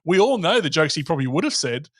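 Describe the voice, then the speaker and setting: A man's voice: fairly high pitch, very animated, fast talker, no room sound. A man, a podcast guest telling stories in casual chat and swearing freely.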